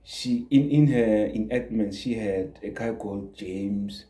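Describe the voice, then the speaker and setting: A man's voice: lowish voice, unhurried, dark tone. A man, a YouTube creator, giving an earnest motivational talk and repeating words for emphasis. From South Africa. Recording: echoey room.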